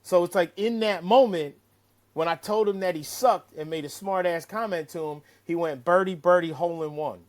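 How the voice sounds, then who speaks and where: Animated man telling a profane story. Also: sits high, moderate pace. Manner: animated, profane, acts out quotes. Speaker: caddie-turned-broadcaster guest. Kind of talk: casual storytelling.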